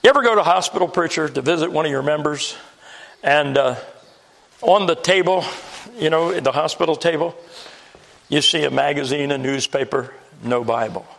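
Male preacher, high gravelly voice, folksy sermon storytelling with humor, church pulpit. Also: moderate pace, a bit bright.

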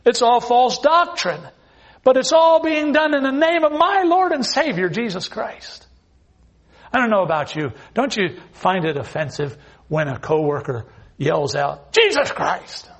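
A man preaching a sermon, quoting scripture and swinging from quiet earnest asides to loud, raised emphasis, often repeating his phrases. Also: very high voice, lively intonation, unhurried.

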